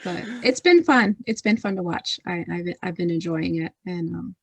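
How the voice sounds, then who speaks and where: A woman's voice: fairly low pitch, expressive, moderate pace, vocal fry, slight background noise. A woman co-hosting a sports podcast in casual chat, who laughs often and trails off mid-sentence. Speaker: podcast co-host.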